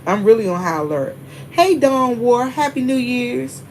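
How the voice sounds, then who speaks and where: A woman's voice: fairly high pitch, lively intonation, moderate pace, slight background noise. A woman hosting a casual livestream, chatting straight to her viewers and greeting them by name as they come in. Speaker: livestream host.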